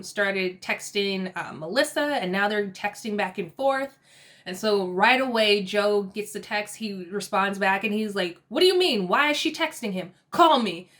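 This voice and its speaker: A woman recapping a reality TV episode in casual chat. She laughs often and acts out quoted lines with lively bursts. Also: mid-range voice. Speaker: TV recap vlogger.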